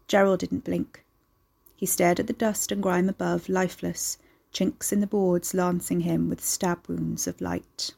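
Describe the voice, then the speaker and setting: A woman reading scripted horror story narration in a measured, deliberate way. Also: on the low side, little pitch movement, vocal fry, mellow, slightly rough.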